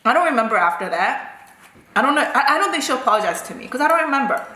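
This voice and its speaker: A woman in her forties tells a story in a chatty, animated way, with many asides. Her voice is fairly high and bright. She is recorded in an echoey home kitchen. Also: fast talker. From South Korea. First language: Korean. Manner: chatty, animated, full of "like" and "right?". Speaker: food vlogger. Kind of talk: casual storytelling.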